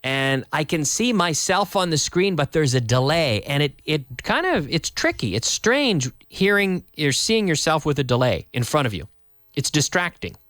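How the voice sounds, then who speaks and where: A man's voice: on the high side, moderate pace. A Canadian man teaching English on a live stream, his voice rising and falling a lot as he explains. He restarts and rephrases often and slips into Spanish here and there. The sound is close and dry, with little room echo. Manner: animated, repeats and rephrases, mixes in Spanish. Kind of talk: live-streamed language lesson.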